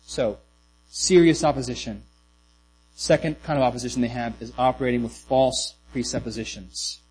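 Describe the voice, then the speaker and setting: A man's voice: medium pitch, steady tone, moderate pace, a little mellow, low-quality recording. A man preaching a sermon in a loose, conversational way, with many restarts and asides. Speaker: pastor.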